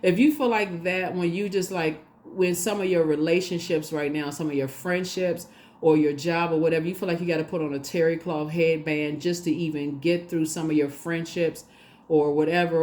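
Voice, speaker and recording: A woman giving a casual tarot reading, chatty and animated, laughing often and talking straight to her viewers. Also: low-pitched. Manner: addresses viewers directly and casually. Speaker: tarot reader.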